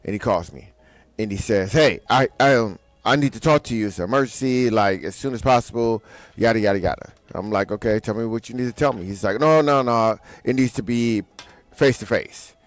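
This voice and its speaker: A man's voice: fairly low pitch, fairly quick, no room sound. A man co-hosting a radio show, telling a story in casual chat, laughing often and acting out the voices of the people in it. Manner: laughs through his story, acts out quoted dialogue.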